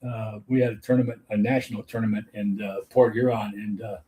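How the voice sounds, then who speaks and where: A man's voice: fairly low pitch, little pitch movement, brisk, warm tone. An older man hosting a casual chat, a former umpire telling stories and laughing at his own punchlines. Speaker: host, former softball umpire.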